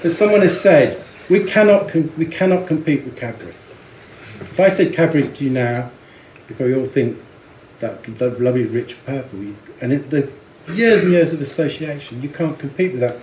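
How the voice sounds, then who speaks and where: A man presents on branding and packaging to an audience, chatty and amused, often repeating words as he thinks. His medium-pitched, darkish voice has lively intonation and a fairly quick pace, captured in a rough recording of an echoey room with a little hiss or hum.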